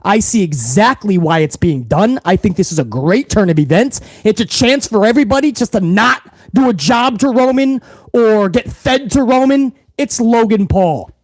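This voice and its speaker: A man's voice: high voice, animated, normal speed, a little mellow, no echo. A man hosting a wrestling livestream, talking casually and profanely straight to his viewers.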